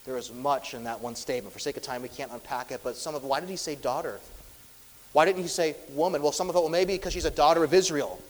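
A man preaching a sermon as pastor, swinging between loud, emphatic lines and hushed, quiet ones. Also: on the high side, fast, big-room sound, low-quality recording.

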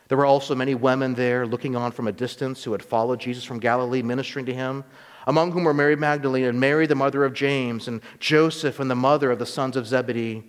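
A man preaching a sermon, reading scripture aloud and stopping to explain it with rising intensity. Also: medium pitch. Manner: reads scripture then comments with rising intensity. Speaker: pastor. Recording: long reverb of a large hall.

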